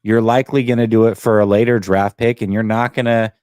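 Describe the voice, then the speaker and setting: A man's voice: lowish voice, little pitch movement, fairly quick, a little mellow, dry recording, clean studio sound. A man on a sports talk show analyzing team finances and trades at length. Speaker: sports podcast panelist.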